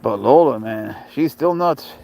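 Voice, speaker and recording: A man chatting casually on a live stream, swearing freely, laughing often and slipping into soft baby talk with his pet. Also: medium pitch, expressive, measured pace, vocal fry, a little hiss or hum, poor audio.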